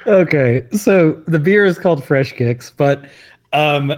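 A man co-hosting a casual chat, relaxed and dropping brief remarks with fillers. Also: fairly high pitch, slow. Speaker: podcast co-host.

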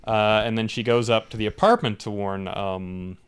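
A man's voice: lowish voice, steady tone, normal speed, smooth. A man co-hosting a podcast, chatting casually about a movie and joking along as he goes. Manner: amused, chatty, jumps in with jokes. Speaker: podcast co-host. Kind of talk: casual movie recap chat.

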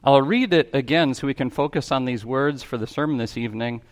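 A man's voice: medium pitch, a little fast, big-room sound. A man preaching a sermon in a church, talking in a conversational way and asking his listeners questions. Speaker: pastor. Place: church sanctuary.

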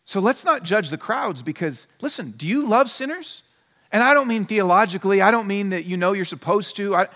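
Man, pastor's sermon, fairly high voice, long reverb of a church hall. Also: a bit bright. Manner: conversational preaching, acts out little dialogues. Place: church sanctuary.

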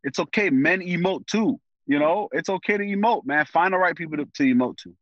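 A fairly high-voiced man talks as a guest in an easygoing conversation. He is animated and full of slang, and he thinks out loud as he goes. His voice comes through dry and a little dull, recorded close. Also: brisk, no room sound. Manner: thinks aloud with fillers and restarts. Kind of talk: casual conversation.

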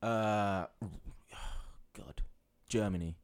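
A man's voice: fairly low pitch, clear, resonant tone. A man co-hosting a casual football podcast, rambling and restarting his sentences often. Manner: rambling, halting, many restarts. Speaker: podcast co-host.

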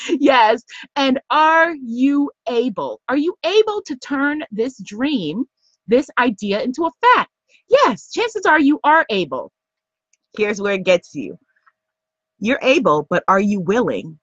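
A high-pitched woman speaking as a spiritual business coach on a live stream. She is emphatic and coaxing and talks straight to her viewers. The audio is dry and a bit dull. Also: a bit bright, husky, no room sound. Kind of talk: live-stream motivational talk.

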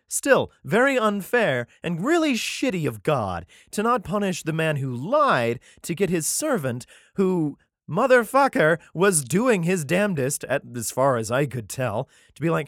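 A man's voice: fairly high pitch, sing-song, a little slow, hardly any pauses, fairly bright tone, no echo, studio quality. A man reading scripture aloud and breaking off for irreverent, swearing comic commentary. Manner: irreverent, profane asides, frequent laughs. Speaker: reader.

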